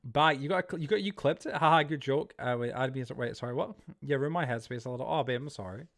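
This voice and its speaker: Speaking quickly in a mid-range voice, a man rambles casually to his livestream viewers as he games. He gets startled easily.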